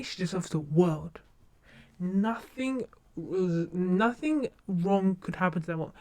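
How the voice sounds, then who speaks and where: Young female streamer, warm mellow tone, gushing casual chat full of fillers. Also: fairly low pitch. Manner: rambling, gushing, many fillers and restarts.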